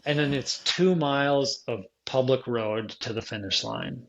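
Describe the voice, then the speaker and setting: A man's voice: mid-range voice, unhurried, vocal fry, fairly bright tone, lo-fi sound. A man who is a podcast guest, telling a vivid and emotional story from his own experience in a casual interview, laughing often as he talks.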